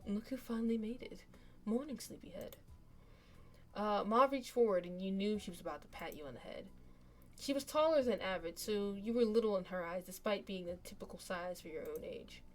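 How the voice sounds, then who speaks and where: A woman's voice: medium pitch, brisk. A woman streamer casually narrating a story game, reading the text aloud and chatting between passages.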